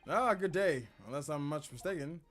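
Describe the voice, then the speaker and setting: A haughty, theatrical gentleman detective, played by a man. He speaks grandly and pompously, and his tone leaps from high to low. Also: expressive, moderate pace, soft background music.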